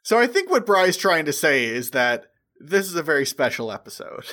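A man's voice: on the high side, sing-song, moderate pace, bright, forceful tone. A man co-hosting a podcast over a video call, chatting casually and doing goofy bits. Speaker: podcast co-host. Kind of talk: casual chat.

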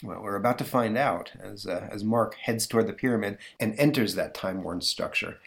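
A man's voice: lowish voice, fairly quick, creaky. A man hosting a comic book review podcast, talking hesitantly with many fillers. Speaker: podcast host.

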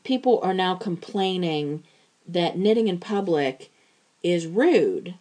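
A woman's voice: fairly low pitch, animated, takes it slowly, dark tone. A woman from Pittsburgh, a farmer and podcast co-host, chatting casually and restarting her sentences often. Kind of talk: casual chat.

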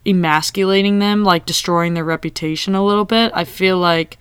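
A young woman co-hosts a casual podcast and talks through a TV episode with a friend. Her voice is smooth and clear. The recording is dry and close to the mic. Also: lowish voice, fairly quick, no room sound. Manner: chatty, animated, quotes characters. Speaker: podcast co-host. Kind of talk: casual TV recap chat.

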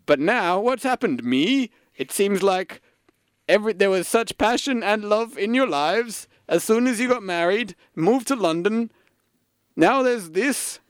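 A man's voice: sits high, lively intonation, unhurried, smooth, dry recording, voice pushed up. A man voicing a lamenting older father-in-law in a mock-northern, rambling, wailing manner.

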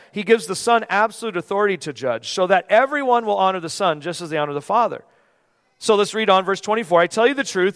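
Pastor in his forties, high-pitched, conversational sermon delivery with emphatic swells, heard in a long church reverb. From United States. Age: 40s. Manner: conversational, emphatic preaching with sudden drops to a hush. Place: church sanctuary.

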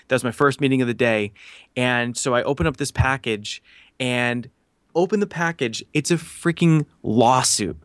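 Animated storytelling man, dry sound. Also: medium pitch, no echo. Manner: animated, acts out quotes, many fillers. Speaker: podcast guest. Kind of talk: casual storytelling.

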